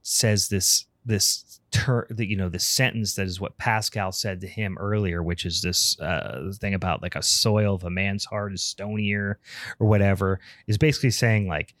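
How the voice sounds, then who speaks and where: A man's voice: lowish voice, steady tone, normal speed, fairly bright tone, no echo, studio quality. A man co-hosting a podcast, recapping a film in casual, rambling talk full of fillers and swearing. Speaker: podcast co-host.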